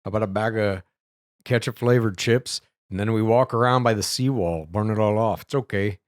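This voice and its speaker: A man's voice: on the low side, fairly quick, no echo, clean studio sound. A man co-hosting a podcast, laid-back, chiming in with short agreements and jokes. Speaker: podcast co-host. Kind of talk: casual podcast chat.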